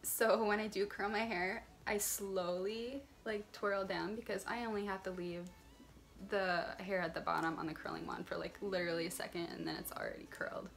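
A woman's voice: mid-range voice, fairly even intonation, normal speed, vocal fry. Young female beauty vlogger, casual and chatty, full of fillers, phone-recorded, light music under it. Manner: chatty, rambling, lots of filler words. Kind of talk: casual hair tutorial chat. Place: warm room at home. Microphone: phone camera.

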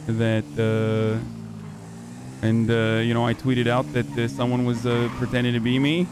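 A man's voice: medium pitch, completely flat delivery, measured pace, vocal fry, noisy background. A man streaming a roleplay game, talking in character in a hesitant, stammering way with plenty of swearing, into a desk microphone.

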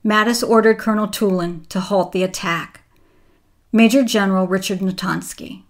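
Woman narrating a military history documentary. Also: mid-range voice. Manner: measured, even reading.

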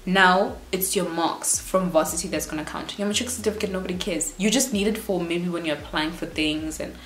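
A young South African woman vlogging life advice in a quick, lively, chatty rush. Her voice sits a little low. The room around her gives a noticeable echo. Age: 20s. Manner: fast, chatty, animated. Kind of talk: casual advice vlog. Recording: roomy echo.

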